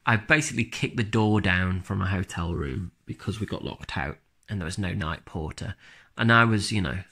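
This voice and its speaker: A man from England with a Black Country accent, a band drummer chatting casually in an interview in a relaxed, rambling, plain-spoken way, speaking quietly and close to the mic. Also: on the low side. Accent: Black Country English.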